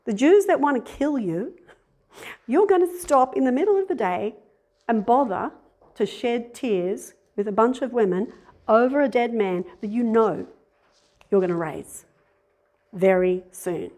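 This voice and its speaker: A woman giving a conversational sermon, animated, acting out little voices and laughing at herself. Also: a little high, measured pace, pauses often. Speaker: speaker giving a talk.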